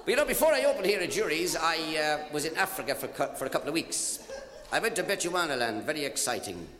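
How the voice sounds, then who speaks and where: Lively Irish comedian on a live stage. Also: male voice, on the high side, fast talker, a faint crowd. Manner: chuckling at his own jokes. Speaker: stand-up comedian. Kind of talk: live stage joke-telling. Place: stage in a large venue. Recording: echoey hall, audience noise.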